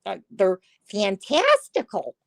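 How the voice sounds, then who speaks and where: A woman hosts a casual livestream, chatting sarcastically into a phone mic and often bursting into laughter. Her mid-range voice swings hugely in pitch, slow, creaky and a bit bright, with no echo.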